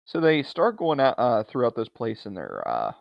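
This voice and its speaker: Gravelly, lively man recapping a film. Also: medium pitch, dry recording. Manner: animated retelling, laughs often, quick asides. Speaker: podcast co-host. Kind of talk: casual movie recap chat. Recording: dry, dull lo-fi sound.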